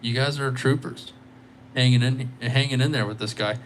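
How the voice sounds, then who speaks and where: Tired guy goofing around with his chat on a live guitar stream, rambly, normal-pitched voice. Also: fairly even intonation, moderate pace, slight background noise. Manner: rambling, joking, playful. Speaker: livestreaming guitarist. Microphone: microphone.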